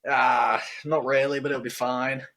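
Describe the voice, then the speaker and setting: A man's voice: mid-range voice, level tone, measured pace, a bit bright. A man playing a tabletop game, joking and swearing casually. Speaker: player. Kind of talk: casual tabletop role-play.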